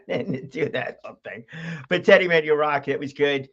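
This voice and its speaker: A man's voice: on the high side, moderate pace, a bit bright. A man hosting a casual livestream, rambling with fillers and laughs. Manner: chatty, laughs often, many fillers and restarts. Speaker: host of a livestream show. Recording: dull lo-fi stream audio.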